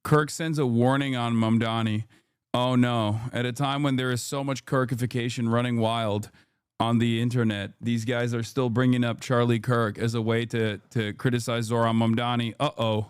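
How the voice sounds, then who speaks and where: A man's voice: mid-range voice, flat delivery, moderate pace, smooth, dry recording, studio quality. A man streaming, commenting on news clips in a casual, sarcastic way.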